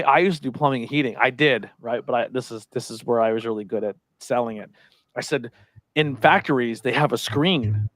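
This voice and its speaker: A man's voice: medium pitch, no echo. A man co-hosting a casual talk show, spinning a workplace prank story. He acts out each person's voice as he goes. His mid-range voice sounds close and dry, with no room around it. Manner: animated storyteller who acts out quoted voices. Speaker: podcast co-host.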